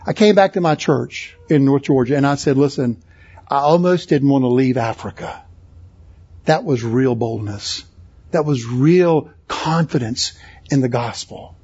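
A man's voice: medium pitch, measured pace, darkish tone, slightly rough, lo-fi sound. A man preaching a sermon at a conference, impassioned and building to emphatic peaks. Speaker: pastor. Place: conference hall.

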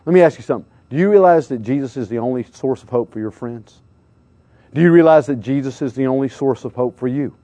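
A man preaching a lively youth sermon, slangy and full of questions to his listeners. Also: mid-range voice, quick pace, no room sound. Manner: acts out crowd voices, slangy, calls out questions to listeners. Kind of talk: animated sermon.

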